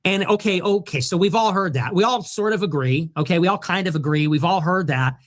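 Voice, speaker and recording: A man ranting sarcastically on a livestream, sneering and dismissive as he talks. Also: fairly quick. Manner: sneering, sarcastic, swings up and down in pitch. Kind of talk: clipped livestream rant.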